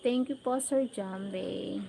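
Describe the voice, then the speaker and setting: A woman with a Filipino accent chats on a casual livestream, greeting and thanking viewers one by one. Her delivery is slow and relaxed, with a gravelly, creaky texture. A faint hiss sits under the voice. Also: mid-range voice. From Philippines. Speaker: livestream host. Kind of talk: casual livestream chat reading comments.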